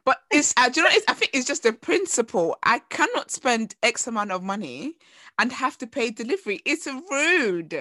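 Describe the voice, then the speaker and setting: A woman from England co-hosts a casual podcast, speaking in a bright, sharp, slightly high voice. She rants bluntly and sure of her opinions. The sound is dry and close. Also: very animated, brisk, no room sound. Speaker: podcast co-host. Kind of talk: casual chat.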